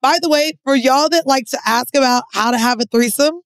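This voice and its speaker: Blunt woman with a high voice. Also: a little fast, smooth, no echo. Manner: blunt, emphatic. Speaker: podcast co-host. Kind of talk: casual chat.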